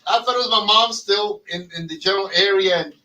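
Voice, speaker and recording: A man hosting a casual talk show, telling stories in an animated way and swearing freely as he acts out quotes. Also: high-pitched, quick pace. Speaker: podcast host. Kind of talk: casual storytelling chat. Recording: distant mic with faint noise.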